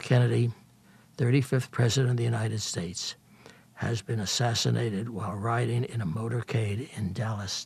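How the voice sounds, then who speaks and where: An older man reading aloud from his own political memoir in a measured, storytelling way. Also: mid-range voice, creaky, a little mellow, husky, no room sound. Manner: measured storytelling in present tense. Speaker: memoir reader.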